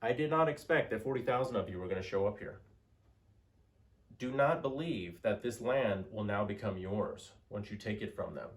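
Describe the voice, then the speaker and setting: A male teacher voicing a proud, commanding male emperor in his own fairly low voice, laying down terms sternly. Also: normal speed, reverberant, close to an everyday voice.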